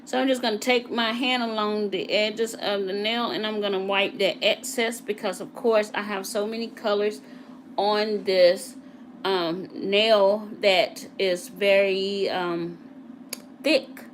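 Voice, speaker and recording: A woman's voice: medium pitch, fairly even intonation, slow. Woman, nail technician, chatty live tutorial, faint room noise. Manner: chatty, talks to live viewers while working. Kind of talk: casual live tutorial chat.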